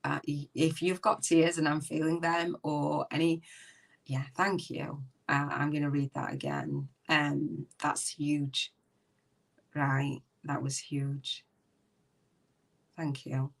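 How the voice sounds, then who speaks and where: Brief: middle-aged woman host, low voice, earnest and rambling, mic a bit distant. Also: slow pace, gravelly. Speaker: podcast host. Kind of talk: live spiritual business podcast.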